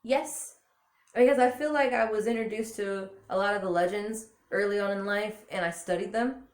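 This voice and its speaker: Animated woman telling stories in interview. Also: mid-range voice, moderate pace, roomy sound. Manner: animated, laughing storyteller. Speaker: guest, voice performer. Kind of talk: casual interview.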